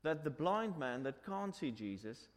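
Guy preaching, pitch goes all over, kinda high, big hall echo. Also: sing-song, a little slow. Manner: storytelling, asks questions, repeats points in two languages. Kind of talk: bilingual sermon. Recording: long hall reverb.

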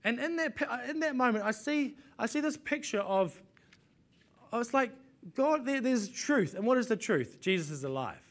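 Man, preacher, high voice, sermon, conversational, repeats words, rhetorical questions. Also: lively intonation, moderate pace, a bit bright.

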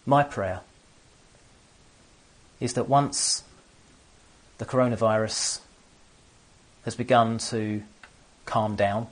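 Earnest preacher, halting restarts. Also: male voice, lowish voice. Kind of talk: sermon. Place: empty church room. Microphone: camera on stands.

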